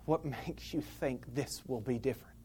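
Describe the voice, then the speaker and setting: A preacher voicing the enemy's accusing inner voice, hushed and belittling. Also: medium pitch, normal speed, a little hiss or hum, lightly acted. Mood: taunting.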